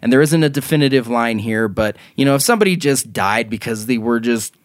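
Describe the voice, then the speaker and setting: A young man hosts a podcast in a relaxed, rambling way, circling back over his words with plenty of "uh" and "you know." His voice sits in an ordinary middle register, recorded close on a studio mic with a dry, dead sound. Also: mid-range voice, no room sound. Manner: rambling, halting with many fillers and laughs. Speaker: podcast host. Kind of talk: casual podcast chat.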